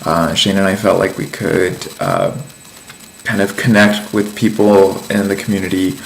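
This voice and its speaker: A man's voice: deep voice, a little slow, vocal fry, slight background noise, rough recording. A man giving a casual vlog life update, telling a story in a chatty, meandering way with lots of ums and likes. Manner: amused storytelling. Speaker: vlogger.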